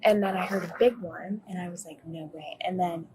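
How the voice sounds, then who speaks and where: A young adult college student speaks to a police officer on bodycam, her low, dark voice steady and fairly quick. She rambles, fills pauses, and self-corrects; faint music plays behind the rough recording.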